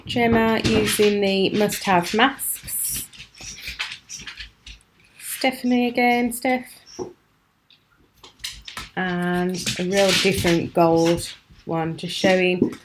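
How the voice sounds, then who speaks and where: A woman's voice: medium pitch, little pitch movement, drawn-out words, pauses often, noisy background. A British woman hosting a live craft show from home, chatting admiringly and laughing often. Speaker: craft channel host.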